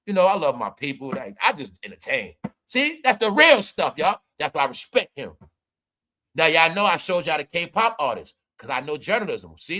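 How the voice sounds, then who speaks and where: Man, ranting commentary, preachy and emphatic, bright tense voice, slightly high pitch. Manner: emphatic, preachy, addresses viewers as y'all, swings loud and soft. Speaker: commentary streamer.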